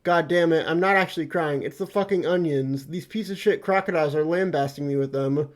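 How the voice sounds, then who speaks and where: A flat, sarcastic teenage boy who plays it cool and swears freely, as a man reads a comic aloud and puts him on. His voice sits fairly high but stays low-key and unimpressed. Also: fairly quick, close to an everyday voice. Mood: defensive. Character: deadpan teenage boy, crude aloof cool kid.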